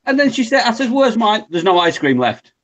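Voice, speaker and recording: A man chatting on a live online hangout, animated and quick with banter. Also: high voice. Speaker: regular guest on a live hangout. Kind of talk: casual chat.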